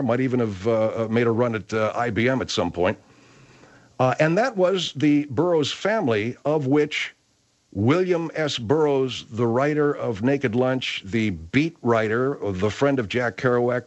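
Rambling male comedy host. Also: mid-range voice. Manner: rambling, halting, many fillers. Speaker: show host.

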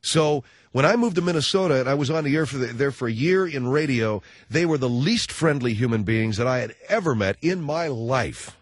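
A man's voice: mid-range voice, expressive, brisk, hardly any pauses, no echo. A man hosting a talk radio show, riffing through a sarcastic, opinionated comedic monologue. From United States.

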